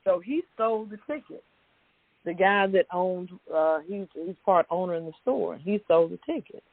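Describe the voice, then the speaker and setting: Husky-voiced co-host on a dry phone line. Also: mid-range voice, expressive, no room sound. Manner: laughs easily, halting with restarts. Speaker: talk show co-host. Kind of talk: casual chat, reading news.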